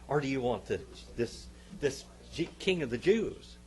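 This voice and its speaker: A man teaching a church Sunday school class. He swings between loud, emphatic bursts and quiet asides, and repeats phrases for emphasis. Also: mid-range voice, animated, a little slow, husky.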